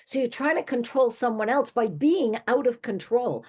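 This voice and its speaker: This older woman's voice is on the high side yet dark and husky, with lively intonation at normal speed. A therapist hosting her own show, she delivers emphatic, conversational advice straight to listeners, laughing lightly between points.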